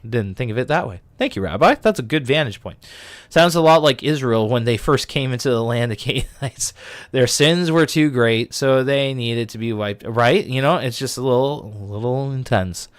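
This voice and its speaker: A man hosting a casual Bible talk on a livestream, animated and full of fillers. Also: mid-range voice, normal speed. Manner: animated, filler-heavy, lots of likes. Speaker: livestream host.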